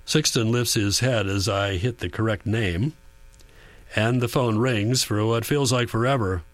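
A man reading a first-person audiobook in a quiet, measured, reflective way. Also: lowish voice, dry recording. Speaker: audiobook narrator. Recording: dry booth with faint mains hum.

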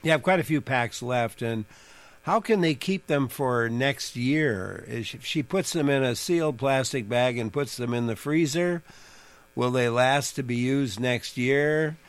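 A man's voice: mid-range voice, a little slow, no room sound. A man hosting a call-in garden radio show, chatting with a guest and reading out listener questions. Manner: relaxed, reads listener questions.

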